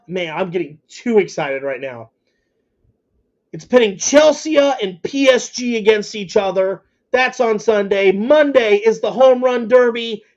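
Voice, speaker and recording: A solo podcast host who rants and swears freely and keeps getting carried away. The voice sits at a middling pitch and sometimes trips over its own words. The recording sounds dull and lo-fi. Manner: profane, ranty and excitable. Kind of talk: solo podcast rant and sports rundown.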